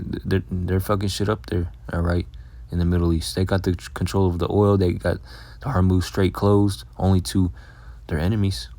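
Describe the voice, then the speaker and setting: A man giving a casual, blunt Bible lesson, swearing freely and filling every pause with "all right" and "man". He reads scripture slowly and deliberately. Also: sits low, mellow, no room sound. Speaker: Bible teacher.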